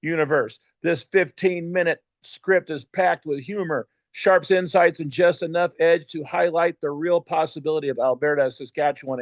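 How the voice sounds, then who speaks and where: A man's voice: a little high, no room sound, lightly acted. A man voicing an AI chatbot's reply, in an upbeat, showy and self-satisfied way. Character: cheeky AI chatbot, male-voiced, playful.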